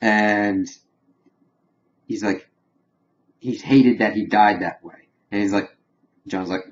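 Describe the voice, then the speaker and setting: A man's voice: fairly low pitch, steady tone, slow pace, pauses often, muffled recording. A man giving a casual, rambling review of a TV episode, retelling the scenes line by line. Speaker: TV show reviewer.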